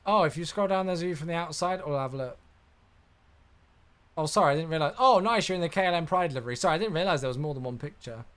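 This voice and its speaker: A man's voice: fairly high pitch, expressive, fast, a bit bright. A young man chatting casually on a live stream while flying a simulator, reacting aloud and answering viewers. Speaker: flight sim streamer.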